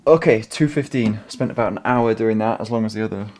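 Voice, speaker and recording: A man's voice: fairly low pitch, fairly quick, darkish tone. A man vlogging from his small home office, thinking aloud and rambling with self-corrections. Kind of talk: casual vlog talk.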